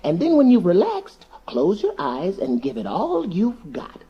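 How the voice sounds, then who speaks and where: A clever little spider, as a male narrator puts him on, coaxes in a lifted, lively voice. He sounds polite on the surface and sly underneath, with a gentle storybook lilt. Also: sits high, unhurried, breathy edge, dull audio, pitched above the performer's own voice, exaggerated voice.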